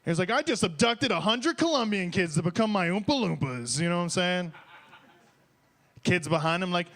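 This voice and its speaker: High-voiced young man doing rambling stand-up. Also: normal speed. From Detroit. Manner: profane, excitable, rambling. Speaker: open mic comedian. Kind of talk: stand-up comedy set. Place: live on stage at a small bar venue.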